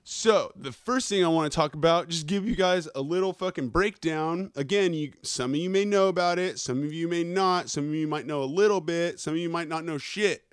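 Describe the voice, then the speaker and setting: A man hosting a podcast, wired and fast-talking, who swears through nearly every sentence and keeps tossing in "okay?" and "right?" His voice sits a bit on the high side. The recording is close and dry, with no room sound. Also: clear, resonant tone, no room sound. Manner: rambling, swears constantly, checks in with listeners. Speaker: podcast host. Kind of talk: casual profane news rant.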